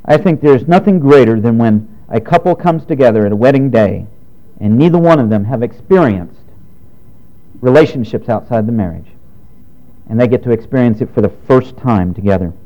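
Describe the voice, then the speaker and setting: A pastor in his thirties delivers a sermon in a frank, direct way. His pitch swings widely between high emphatic lines and low quiet ones. The voice itself is mellow and dark. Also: lively intonation, normal speed, muffled recording. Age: 30s. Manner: preaching with rising and falling emphasis, direct and frank.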